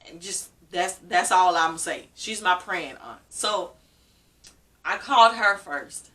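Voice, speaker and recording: A woman's voice: on the low side, lively intonation, slow, bright, forceful tone, far from the mic. A woman vlogger telling a personal story in a casual, emotional way, often repeating herself. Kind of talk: casual story-time vlog.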